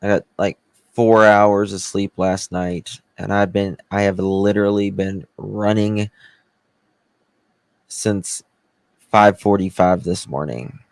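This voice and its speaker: Slow, drawling man chatting to viewers. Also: lowish voice, steady tone, vocal fry, no room sound. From Southern US. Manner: chatty, warmly thanks viewers by name. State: tired. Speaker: livestream host. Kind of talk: casual livestream chat with viewers.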